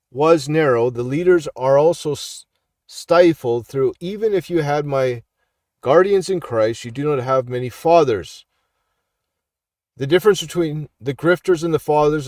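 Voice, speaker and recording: A middle-aged man with a slightly high voice talks through posts in a loose, preachy commentary. He keeps checking in with his listeners. The sound is dry and close, with little room in it. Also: a little mellow, no echo. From Canada. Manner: preachy, repeats "all right?" for emphasis. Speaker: street minister and YouTube commentator. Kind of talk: casual live commentary reading online posts.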